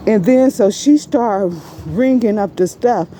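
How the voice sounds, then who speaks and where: A woman casually recounting a store incident as a vlog storytime, animated and rambling, her pitch leaping up whenever she quotes someone. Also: unhurried, slight background noise. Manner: animated, jumps much higher in pitch when quoting herself and others; rambling, many fillers and restarts. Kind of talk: casual first-person storytime.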